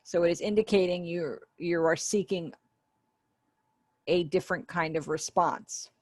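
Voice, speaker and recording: A woman's voice: lowish voice, measured pace, no room sound, clean studio sound. Woman voicing a sign language lesson. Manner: conversational, explaining step by step with asides. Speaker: ASL voice interpreter for a webinar teacher.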